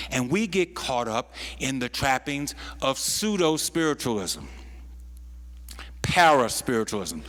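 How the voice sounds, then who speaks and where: A man's voice: a little high, sharp tone, long reverb tail. A pastor preaching a sermon, repeating words as he builds a point and dropping in folksy asides. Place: church sanctuary.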